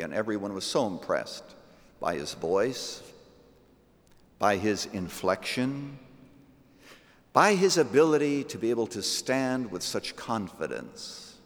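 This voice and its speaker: Slow, earnest male preacher in a church. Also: on the low side. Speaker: pastor. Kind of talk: sermon and closing prayer. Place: large church. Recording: church sanctuary with long reverb.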